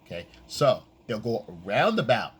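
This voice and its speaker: Husky-voiced man giving blunt dating advice. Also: measured pace. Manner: animated, acts out quoted lines in a high voice. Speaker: dating coach. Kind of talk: casual monologue with profanity.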